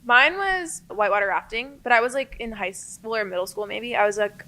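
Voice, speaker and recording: A young woman hosting a casual podcast chat. Her voice is bright and fairly high. Her pitch moves a lot as she teases her guest and giggles. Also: lively intonation, brisk. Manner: teasing, giggly. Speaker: podcast host.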